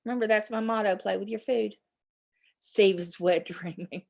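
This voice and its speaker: A woman's voice: medium pitch, fairly even intonation, moderate pace, gravelly, a little mellow. A middle-aged woman, hosting a rambling live chat with her viewers and laughing often. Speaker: livestream host.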